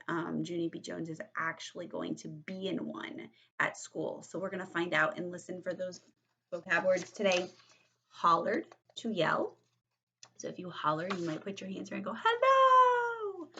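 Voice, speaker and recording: A woman teacher reading a story aloud to young children, explaining vocabulary in a gentle, questioning way. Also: lowish voice, steady tone, normal speed, vocal fry, slight background noise, low-quality recording. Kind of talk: read-aloud vocabulary lesson.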